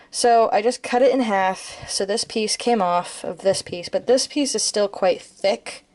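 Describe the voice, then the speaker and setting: Here a darker-toned, mid-range female voice belongs to an American vlogger making a cooking video. Her talk is casual and meandering, dotted with ums and corrections of herself.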